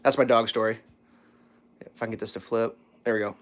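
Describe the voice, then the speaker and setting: A young male vlogger with a fairly low voice talks a little fast while cooking breakfast, casually telling a story. He's animated and puts on the voices of the people in it.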